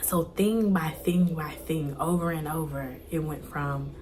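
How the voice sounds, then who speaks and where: A young woman with a slightly low voice shares a personal faith testimony straight to camera. She talks earnestly, leaning on repetition and emphasis, and at times sinks into soft, breathy near-whispers. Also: unhurried, a little hiss or hum. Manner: drops to soft near-whispers when reliving prayers. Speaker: vlogger.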